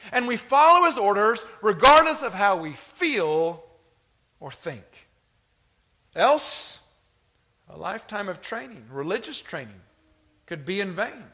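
A man's voice: very high voice, sharp tone. A man preaching a sermon to a congregation, with emphatic delivery that swells and drops. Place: church.

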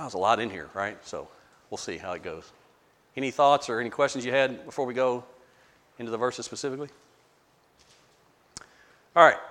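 A man reads scripture aloud and then teaches it verse by verse. He speaks at a middle pitch in a loose, conversational way, often repeating words and pausing to ask the group questions. His voice carries a long reverb from a large hall. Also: a bit bright. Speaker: Bible study teacher. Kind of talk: verse-by-verse Bible study teaching.

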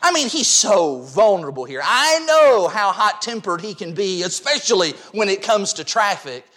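A man's voice: high voice, very animated, normal speed, pushed and bright, pitched below the performer's own voice, exaggerated voice. A man voicing a sly male devil who pretends to be fair, in a sarcastic, mock-reasonable way. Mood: mock-sympathetic.

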